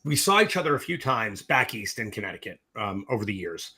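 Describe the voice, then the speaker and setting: A middle-aged man, a film director from the US East Coast, telling stories in a casual interview, animated and profane, acting out both sides of the conversations. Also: lowish voice, brisk, gravelly, slightly rough.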